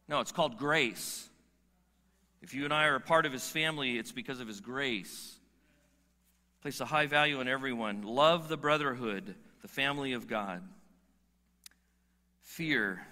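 A man's voice: medium pitch, sharp tone. A man preaching a sermon as pastor, emphatic, firing rhetorical questions and stretching out key words. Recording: long reverb of a large hall.

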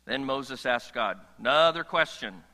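A male pastor delivers a sermon in a large church hall, his voice very bright and forceful. He talks in an animated way, drops joking asides and restarts his phrases often. A long reverb from the hall trails behind his words. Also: medium pitch, unhurried.

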